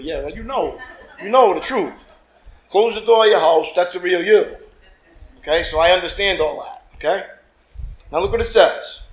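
A man preaching a lively sermon as pastor, acting out quotes and calling for amens from the congregation. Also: high voice, moderate pace. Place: church. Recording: echoey church room.

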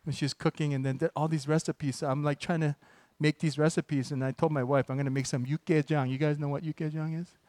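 A man preaching a sermon as pastor, moving between relaxed, joking asides to the congregation and emphatic, building declarations. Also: on the high side, brisk, hardly any pauses, no echo. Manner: conversational and joking, with sudden emphatic bursts.

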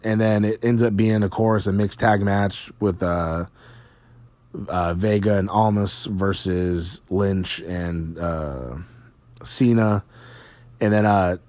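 A man's voice: low-pitched, steady tone, slow, darkish tone, no echo. A man casually recapping a wrestling show, rambling and swearing, with lots of fillers.

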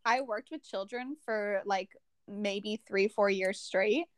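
A woman's voice: mid-range voice, slow pace, no room sound, studio quality. A young woman co-hosting a podcast in casual chat, blunt and teasing. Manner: blunt, teasing, laughs often. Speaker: podcast co-host.

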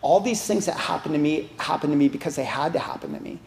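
A man's voice: on the high side, quick pace, creaky, a little mellow, reverberant. A man giving a candid, rambling, emotional personal share at a support group meeting, often restarting his sentences. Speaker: recovery meeting speaker. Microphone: online video call.

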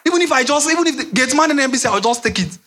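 A young Nigerian pastor delivers a sermon at a very fast clip, animated throughout. He repeats phrases and drops into a low voice whenever he acts out quotes.

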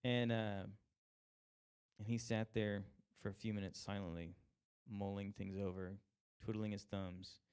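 A young man telling a personal faith testimony, animated and self-mocking, acting out the people he quotes. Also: on the low side, unhurried, clear, resonant tone. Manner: animated, acts out quoted voices, laughs at himself. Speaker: speaker sharing a personal testimony. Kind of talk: storytelling testimony.

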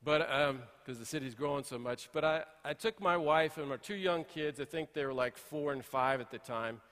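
A middle-aged man preaching a sermon, telling folksy stories and swinging between hushed asides and emphatic points. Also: medium pitch, big-room sound. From Texas. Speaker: pastor. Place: church sanctuary.

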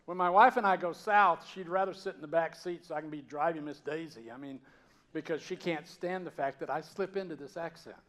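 A man from the Georgia mountains, raised with a Southern accent, preaching a sermon in a conversational, storytelling way that swings from loud to hushed. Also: on the high side, fairly quick. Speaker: pastor.

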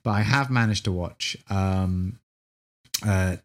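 A man's voice: sits low, slow pace. A man with a Scottish accent co-hosting a podcast, gushing enthusiastically in casual chat. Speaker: podcast co-host.

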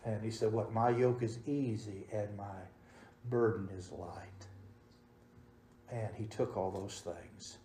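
A man preaching a sermon as pastor, swinging between loud, emphatic passages and soft, hushed ones. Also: lowish voice, steady tone, takes it slowly, a little hiss or hum. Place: church sanctuary. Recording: roomy church echo.

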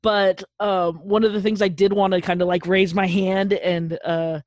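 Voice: mid-range voice, flat delivery, normal speed, darkish tone, dry recording, muffled recording. A podcast producer joining the chat remotely, easygoing, supportive and a bit hesitant. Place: remote, online.

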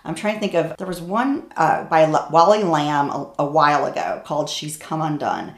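Gravelly low-voiced woman chatting in an echoey room. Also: normal speed. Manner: rambling, hesitant, trails off mid-sentence. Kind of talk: casual chat about books.

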